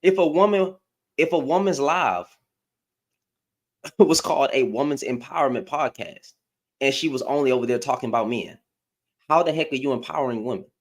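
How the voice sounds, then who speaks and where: A woman's voice: extremely low pitch, normal speed, long pauses. A woman hosting a livestream, giving blunt, heated reaction commentary and often repeating her phrases. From United States. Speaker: livestream host.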